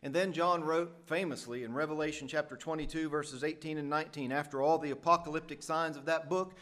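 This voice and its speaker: A man's voice: a little high, steady tone, a little fast, hardly any pauses, a bit bright. A middle-aged man from the United States, preaching a sermon in an earnest, emphatic way.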